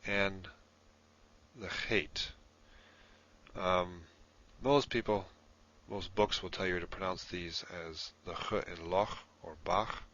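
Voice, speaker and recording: Deep-voiced guy explaining slowly, lots of ums, kinda muffled lo-fi audio. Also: pushed and bright. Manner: slow, deliberate, explanatory with frequent ums. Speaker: Hebrew course narrator. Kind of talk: recorded lesson narration. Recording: dull lo-fi audio.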